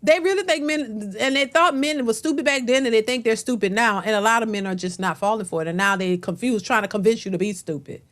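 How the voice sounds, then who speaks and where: A woman's voice: on the high side, fast, few pauses. A woman hosting a reaction video, ranting bluntly and emphatically to her viewers with plenty of cursing. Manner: blunt, emphatic, profane, addresses viewers directly.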